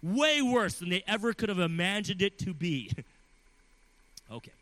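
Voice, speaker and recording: A bright, high-pitched man in his thirties preaches with earnest conviction. He moves between hushed stretches and forceful, loud emphasis. The sound is dry and close. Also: big pitch swings, moderate pace, dry recording, low-quality recording. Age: 30s. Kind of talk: sermon.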